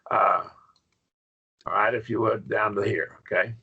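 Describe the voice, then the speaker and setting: A man's voice: fairly low pitch, steady tone, measured pace, husky, narrow, tinny audio. A man teaching a Greek grammar class online, patient and questioning, with frequent okays.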